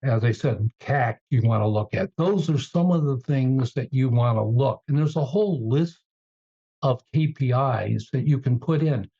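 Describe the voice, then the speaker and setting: Male executive guest, measured and hesitant with ums, mid-pitched, slightly muffled lo-fi recording. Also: warm tone, breathy edge. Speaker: guest, turnaround CEO. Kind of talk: interview storytelling.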